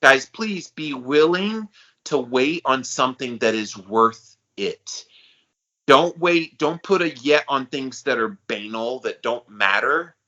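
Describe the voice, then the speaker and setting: An energetic man co-hosting a podcast, his voice bright and forward as he talks with his best friend. He calls himself the hype guy and sounds it, upbeat and encouraging. The recording has a slightly dull, lo-fi quality. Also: medium pitch, a little slow. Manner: enthusiastic, self-described hype guy. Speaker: podcast co-host. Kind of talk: casual podcast chat.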